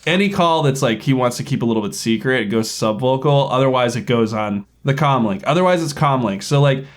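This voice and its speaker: A man's voice: medium pitch, lively intonation, a little fast. Crude, joking man at a game table. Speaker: player. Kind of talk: casual tabletop game chat.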